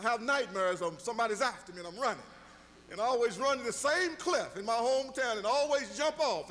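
A man's voice: very high voice, a bit bright, long reverb tail. A middle-aged man preaching a sermon as pastor, telling stories and building to emphatic exhortation.

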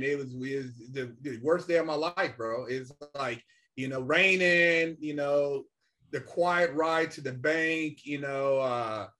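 High-voiced man telling a street story. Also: pushed and bright. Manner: slangy, loose, full of "man" and "you know". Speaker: podcast guest. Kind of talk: casual storytelling.

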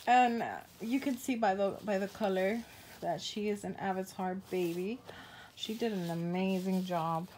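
Woman vlogger, unhurried, gushing exclamations, clear background noise. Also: mid-range voice, a little mellow. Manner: gushing, exclaims often, trails off mid-sentence. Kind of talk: casual unboxing chat. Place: home with a pet bird.

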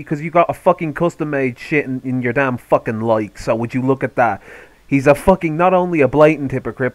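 A man's voice: fairly high pitch, no room sound. Man ranting angrily, swearing constantly. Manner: profane, sarcastic, heated ranting. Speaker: commentary video host. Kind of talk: angry rant commentary.

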